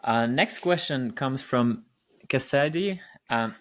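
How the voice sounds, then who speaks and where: Podcast host guy, lowish voice, polite and a bit hesitant reading questions. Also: normal speed, fairly bright tone. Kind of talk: casual podcast chat.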